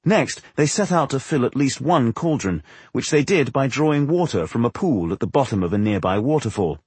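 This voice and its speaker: A man reading a fantasy novel aloud as narrator, in a measured, expressive storytelling manner. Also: mid-range voice, breathy edge, dry recording. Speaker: audiobook narrator. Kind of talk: scripted narration.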